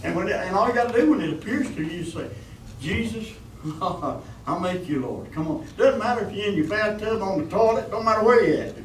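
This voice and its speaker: Man, preacher, folksy sermon, amen calls, somewhat high voice, distant mic in a reverberant church. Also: animated, fast, few pauses, a little hiss or hum. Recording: echoey church room, mic from afar.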